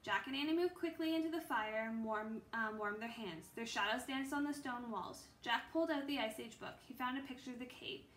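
A woman reading a children's chapter book aloud in a steady storytelling way. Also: on the high side, fairly quick, few pauses, a little hiss or hum. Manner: steady storytelling with small slips. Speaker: reader. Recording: roomy with faint ambience.

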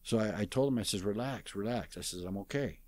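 Brisk and a little mellow, with fairly low pitch, a man in his sixties recounts a story as an interview guest on a dry recording. He tells it casually and plainly, in a folksy way full of "I says," acting out what others said in quoted dialogue.

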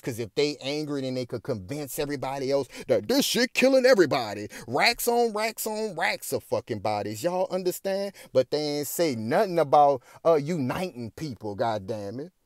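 A man's voice: medium pitch, a little mellow, no echo, clean studio sound. A man ranting in heated, profane commentary, often tagging lines with "you dig" and "goddamn it".

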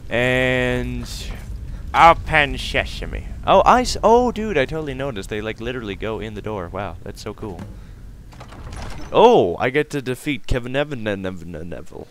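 Excitable young man with lively pitch. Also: moderate pace, slight background noise. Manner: excitable, silly exclamations, sudden loud outbursts and laughs. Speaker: gaming video host. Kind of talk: casual let's-play commentary.

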